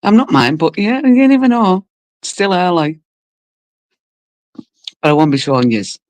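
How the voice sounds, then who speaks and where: A woman from Cumbria, hosting a casual live stream. Her voice is low and rough, and she chats bluntly, swears and laughs a lot while greeting viewers. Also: big pitch swings, unhurried, a little mellow, no room sound. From Cumbria, England. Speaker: livestream host.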